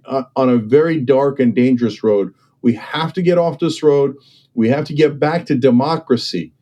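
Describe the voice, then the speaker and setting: A man's voice: fairly high pitch, warm tone. A man in an impassioned political discussion, talking emphatically and persuasively and often checking in with "okay?" and "right?". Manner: acts out other people's voices when quoting them. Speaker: political commentator and guest.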